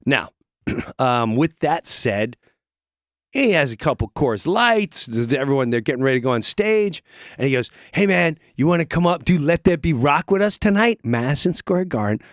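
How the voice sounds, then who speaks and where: A middle-aged man, a comedian guest, telling an animated story in a casual studio chat and acting out the voices of the people in it. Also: a little high, moderate pace, no echo. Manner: acts out voices in his stories, lively and excitable.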